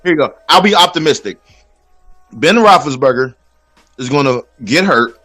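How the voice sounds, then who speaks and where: A man's voice: a little high, animated, moderate pace, music in the background. A man hosting a casual sports talk show, ranting with plenty of profanity. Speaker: podcast host.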